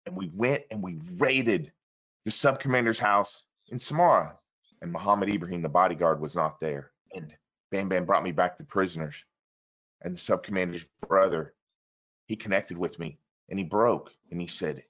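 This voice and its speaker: A man with a somewhat low voice telling a story in a conversational interview. He is earnest and urgent, and he swings his pitch and volume hard as he acts out the other people's lines. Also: normal speed. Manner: animated, acts out quoted dialogue with big shifts in pitch and loudness.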